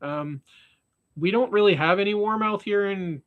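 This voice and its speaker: A man's voice: high voice, moderate pace, narrow, tinny audio. A man hosting a live stream, chatting casually while tying flies, often trailing off and restarting sentences. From Canada. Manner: rambling, with frequent restarts and fillers.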